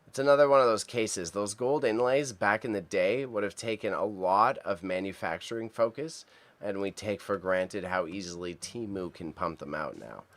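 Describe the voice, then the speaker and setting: On a casual livestream, a male host with a lowish, slightly bright voice chats upbeat with viewers in the chat. He reacts to auction items, reading their names aloud and stumbling over the tricky words.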